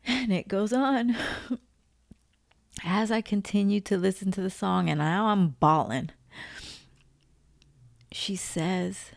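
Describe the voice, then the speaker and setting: A woman's voice: medium pitch, slow pace, vocal fry, long pauses, no echo, studio quality. A woman giving an earnest, emotional spiritual testimony, repeating phrases for emphasis. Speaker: faith vlogger.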